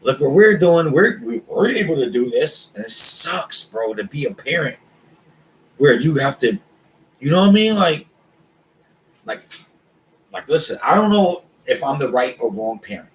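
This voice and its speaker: A man's voice: a little high, big pitch swings, moderate pace, long pauses, low-quality recording. A man co-hosting a casual chat who talks in an emphatic, opinionated way and says man and bro a lot. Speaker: podcast co-host.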